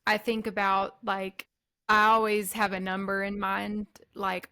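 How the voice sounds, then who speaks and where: A woman's voice: medium pitch, flat delivery, measured pace, pushed and bright, smooth. A woman co-hosting a casual podcast, talking in a chatty, agreeable way with lots of fillers. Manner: chatty, many likes and ums, agreeable. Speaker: podcast co-host.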